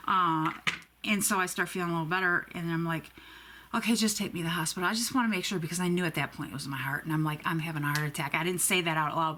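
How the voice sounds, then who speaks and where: A woman's voice: lowish voice, sharp tone, a little hiss or hum. A woman in her forties telling a long rambling story while doing her makeup, chatty and swearing freely. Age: 40s. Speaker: beauty vlogger.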